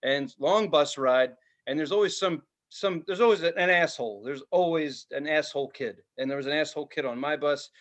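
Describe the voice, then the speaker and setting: Man in his 40s, podcast co-host, lively storyteller who swears and acts out voices, slightly high-pitched. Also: moderate pace, few pauses. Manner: animated storyteller, swears freely, acts out quotes. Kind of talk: casual chat.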